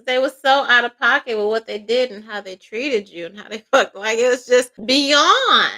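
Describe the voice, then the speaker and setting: A woman giving a casual tarot reading, loud, profane and laughing often, slipping into playful quoted voices. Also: a little high, animated, normal speed. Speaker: tarot reader.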